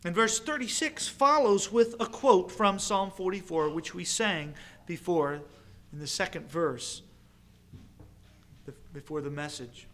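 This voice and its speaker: Guy preaching a sermon, bright tense tone, slow and emphatic. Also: high voice. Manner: measured, emphatic preaching with pauses and repetition. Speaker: pastor.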